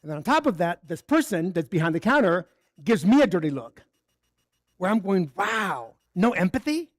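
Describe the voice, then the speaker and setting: A man's voice: sits high, big pitch swings, a little fast, dry recording, clean studio sound. A man giving a candid, conversational sermon built on personal stories at a spiritual center service, acting out the dialogue as he goes. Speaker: spiritual speaker.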